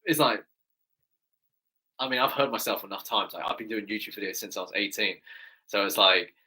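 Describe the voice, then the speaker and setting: An English man hosting a live stream Q&A as a fitness coach, with a slightly low voice that still sounds bright and forceful. He chats enthusiastically and keeps checking in with "right?" as he goes. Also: a little fast.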